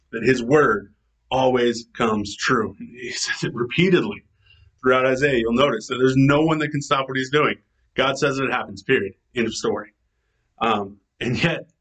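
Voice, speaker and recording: A man giving a casual, chatty devotional talk as a pastor, enthusiastic and animated, acting out quotes as he goes. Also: medium pitch, rough recording. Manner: chatty, enthusiastic, self-described nerd; animated quoting in character voices.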